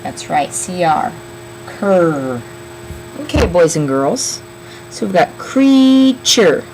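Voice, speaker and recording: Woman teacher doing phonics with kids, slow and sing-songy, lowish voice, faint hum behind. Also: big pitch swings, darkish tone, rough recording. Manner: slow, sounding out words syllable by syllable. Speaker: elementary school teacher. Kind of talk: phonics lesson for young children.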